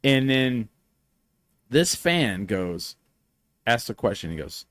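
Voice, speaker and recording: A man hosting a podcast, telling stories in a lively, profane, casual way. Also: medium pitch, takes it slowly, long pauses, no echo. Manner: animated, profane storyteller. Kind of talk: casual storytelling chat.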